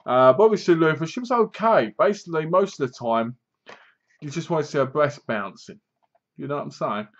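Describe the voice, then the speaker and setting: Man, movie reviewer, casual rambling talk, fairly high voice, muffled lo-fi sound. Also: animated, moderate pace. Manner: rambling, loose, many restarts. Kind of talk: casual spoken film review.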